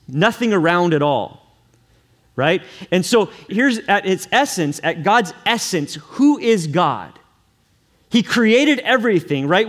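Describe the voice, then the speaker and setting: Earnest high-voiced male preacher. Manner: earnest, repetitive, asks the congregation questions. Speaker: pastor. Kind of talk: sermon.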